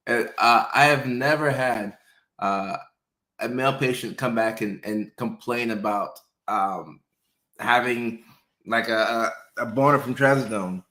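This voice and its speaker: A male doctor and show host telling casual personal stories, animated, slipping into playful voices for quotes. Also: mid-range voice, a little slow. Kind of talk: casual storytelling. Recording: roomy echo.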